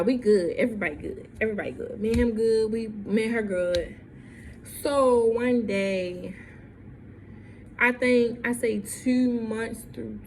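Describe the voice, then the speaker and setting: A woman's voice: medium pitch, a little hiss or hum. A young woman telling a story in a vlog, repeating lines and acting out what people said. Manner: animated, repeats lines, acts out quotes. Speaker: vlogger.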